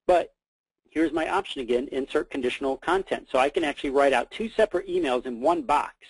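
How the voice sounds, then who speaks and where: A man hosting a webinar, talking casually through a software demo, repeating words and calling his listeners guys. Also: on the high side, animated, brisk, slightly rough, dry recording, low-quality recording. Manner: casual, repeats himself, many fillers, addresses listeners as guys. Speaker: webinar host.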